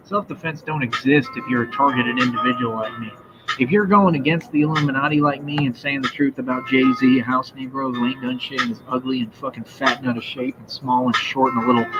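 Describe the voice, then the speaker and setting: Combative man ranting over loud music. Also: mid-range voice. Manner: profane, combative, boastful. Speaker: livestreamer. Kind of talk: ranting livestream monologue. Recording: dull lo-fi sound with loud music behind.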